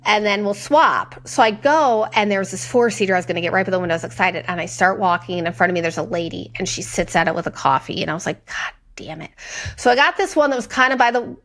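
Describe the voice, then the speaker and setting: A young woman co-hosting a podcast, telling a story in casual chat, animated and profane, acting out other people's lines. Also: mid-range voice, fast talker, hardly any pauses. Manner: animated, swearing, acts out quoted voices. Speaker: podcast co-host.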